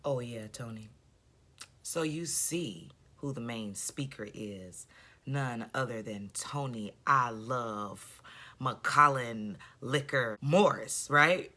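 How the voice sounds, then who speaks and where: Bright-voiced sarcastic woman commentator. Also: rumbling low, slow pace. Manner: sarcastic, blunt and scolding; animated, repeats herself with emphasis. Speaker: video commentator. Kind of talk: casual reaction commentary.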